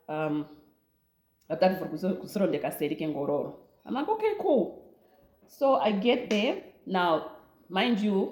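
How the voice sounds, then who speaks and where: A young Namibian woman with a Namibian accent, telling a lively storytime vlog, laughing often and mixing in local words. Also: lowish voice, echoey room. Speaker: vlogger. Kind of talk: storytime chat.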